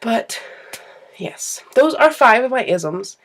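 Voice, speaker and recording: A young woman vlogging to camera, telling rambling, self-deprecating stories about her own quirks in a casual, animated way. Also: fairly high pitch, takes it slowly.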